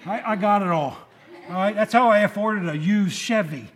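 A man's voice: high voice, normal speed. A male pastor preaching a sermon in a conversational way, full of rhetorical questions and joking asides.

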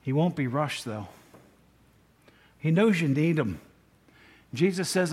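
Chatty male pastor, slightly high voice. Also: animated, takes it slowly, long pauses, darkish tone, breathy edge. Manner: conversational, asks the congregation questions; rambling, with asides. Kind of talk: sermon.

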